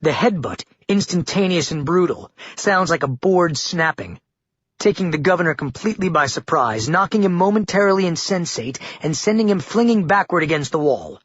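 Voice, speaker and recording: A man reading an audiobook in a measured, dramatic scripted narration. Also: a little high, animated, fairly bright tone, breathy edge, dry recording. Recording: dull lo-fi dry recording.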